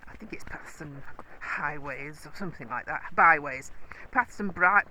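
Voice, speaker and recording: A woman's voice: sits low, moderate pace, sharp tone, rough recording. A woman riding her horse on a bridleway, chatting casually and coaxing the horse with praise. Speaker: horse rider and vlogger. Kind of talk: casual talk while riding.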